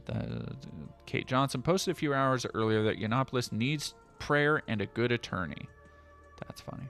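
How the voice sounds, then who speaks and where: A man's voice: medium pitch, very animated, normal speed, creaky, a bit bright, faint music behind. A man streaming, reading news headlines aloud and reacting with sarcastic asides. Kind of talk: casual stream commentary.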